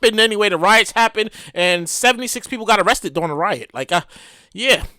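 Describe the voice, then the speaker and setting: A woman hosting a podcast, ranting casually about the news, animated and profane with loud exclamations. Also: mid-range voice, moderate pace, gravelly, no room sound, clean studio sound. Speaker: podcast host. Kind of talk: casual comedic news rant.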